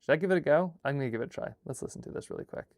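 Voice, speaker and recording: Excitable man brainstorming, dry sound. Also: a little high, racing, no room sound. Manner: excitable, rambling, full of fillers and restarts. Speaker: host and filmmaker. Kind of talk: casual live brainstorming chat.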